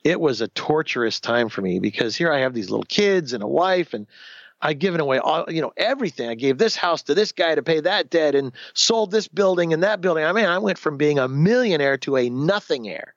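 A man in his fifties telling his own story in a candid interview, animated, acting out the voices of the people he quotes, often restarting sentences. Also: fairly high pitch, fairly quick, dry recording, muffled recording. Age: 50s.

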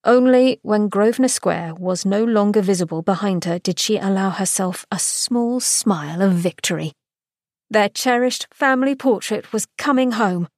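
A woman, a podcast co-host, reading an excerpt from a romance novel aloud in an expressive, dramatic way. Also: medium pitch, no room sound, studio quality.

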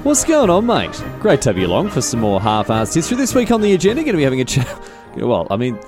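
A man's voice: medium pitch, wildly swooping pitch, quick pace, music in the background. A man with an Australian accent hosting a podcast, telling a story in a rambling, cheeky, jokey way with mock rants. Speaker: podcast host. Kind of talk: casual storytelling monologue.

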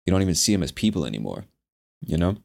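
Man, very low voice, young adult, podcast host, swearing a lot, animated slangy rambling. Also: fast talker, creaky. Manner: profane, animated, slangy storytelling. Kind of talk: casual solo podcast monologue.

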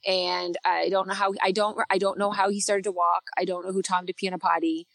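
A woman's voice: fairly low pitch, little pitch movement, fast talker, gravelly, a bit bright, no echo. Candid Canadian woman with a dry, close sound. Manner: chatty, open and self-deprecating, many fillers. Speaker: podcast guest. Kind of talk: candid podcast conversation.

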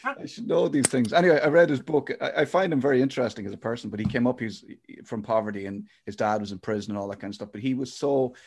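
A man's voice: medium pitch, quick pace, hardly any pauses, darkish tone, slight background noise. Podcast host guy, rambles, restarts a lot, medium voice. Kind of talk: casual chat.

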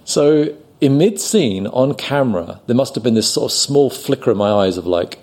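A British man telling a story on a podcast, animated and often laughing as he acts out the people he quotes. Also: medium pitch, moderate pace. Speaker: podcast guest, actor. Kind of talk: casual anecdote telling.

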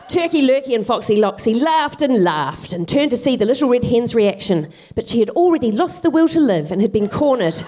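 A woman's voice: on the high side, big pitch swings, brisk, few pauses, darkish tone. A woman comedian telling a comic story live on a theatre stage, with wry, chatty asides. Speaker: guest comedian.

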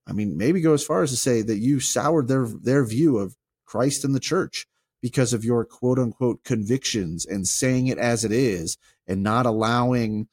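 A man, a former pastor, talking through ideas in a casual podcast chat, rambling and animated with many restarts. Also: medium pitch, moderate pace, husky, no echo, studio quality.

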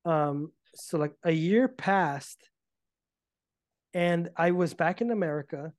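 Guy telling his story on a podcast, animated, acts out the arguments, dry close sound. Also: on the high side, slow, no echo. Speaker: podcast guest. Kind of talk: casual interview storytelling.

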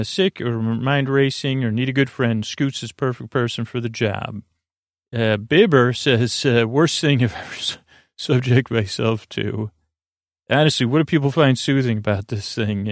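A man with a gravelly voice rambles through listener reviews on his sleep podcast, halting and restarting often. The recording is dry and close. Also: medium pitch, no room sound. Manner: meandering, halting, many fillers and restarts.

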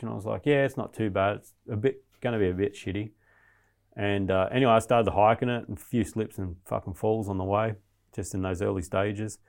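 A man's voice: lowish voice, a little mellow. A man, a guest in an interview, telling a story in a blunt, rambling way with heavy swearing.

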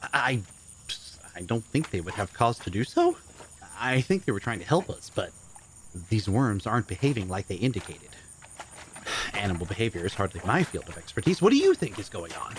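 Guy doing a stiff formal know-it-all scholar, low-ish and very animated, faint cricket noise behind. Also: moderate pace. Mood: puzzled. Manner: precise, wordy, overly formal. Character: formal, pedantic, bookish male scholar. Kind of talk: audio drama acting.

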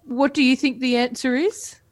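A woman, a comedian guest on a quiz podcast, hesitant and deadpan with lots of ums. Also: sits high, normal speed.

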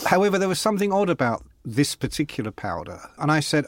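A man's voice: fairly high pitch, big pitch swings, fast, no echo, clean studio sound. A man from Ireland telling rock-touring stories in a casual podcast chat. He acts out the people in his stories with voices. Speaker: podcast guest.

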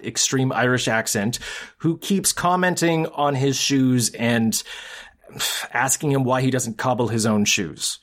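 A man's voice: mid-range voice, a bit bright. A man co-hosting a podcast in casual chat, recapping a plot in a heated, ranting way. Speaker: podcast co-host.

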